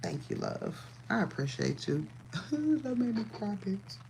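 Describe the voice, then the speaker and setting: A woman giving a casual, profane livestream tarot reading, chatty and quick to laugh. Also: medium pitch, huge pitch swings, creaky, a little mellow, a little hiss or hum. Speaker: tarot reader.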